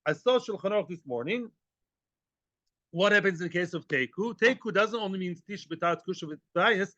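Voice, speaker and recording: A man's voice: sits high, normal speed, pushed and bright, no room sound, dull audio. A man giving a Talmud class, joking as he goes, asking rhetorical questions and dropping in Hebrew and Aramaic terms. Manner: rhetorical questions, repeats phrases. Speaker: Talmud teacher.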